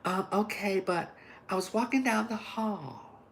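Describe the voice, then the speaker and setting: A man imitating a prim, solemn woman high school teacher, speaking slowly and stiffly in a hushed tone. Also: gravelly, slight background noise, exaggerated voice.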